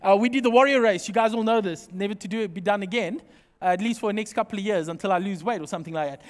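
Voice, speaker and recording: High-voiced animated pastor in a hall. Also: male voice, very fast. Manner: animated, jokey, acts out little scenes. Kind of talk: sermon.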